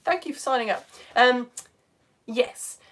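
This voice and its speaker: A woman's voice: fairly high pitch, unhurried, fairly bright tone. A British woman presenting a live science lesson for children, gushing and exclamatory as she reads out viewers' comments. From United Kingdom. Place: home studio.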